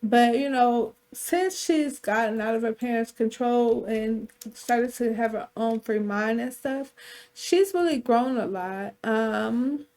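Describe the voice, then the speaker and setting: Young woman talking thru her game story, kinda high voice, relaxed and chatty, cusses a lot. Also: takes it slowly. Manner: loose, chatty, swears freely. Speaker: gameplay storyteller. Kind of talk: casual game storytelling narration.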